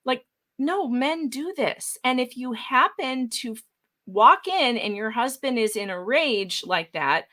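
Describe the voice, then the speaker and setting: A middle-aged woman guesting by video call in a casual interview, animated, sarcastic and quick to laugh. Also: fairly high pitch. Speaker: guest writer.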